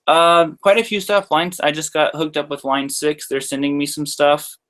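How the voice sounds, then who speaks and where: A man's voice: on the high side, level tone, moderate pace, few pauses, a bit bright. A young man, a guitarist, answering viewer questions in a casual live-stream Q&A. He is chatty and loose, often says "like" and "uh", and laughs lightly mid-sentence. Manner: laid-back, chatty, loose with frequent "like" and "uh".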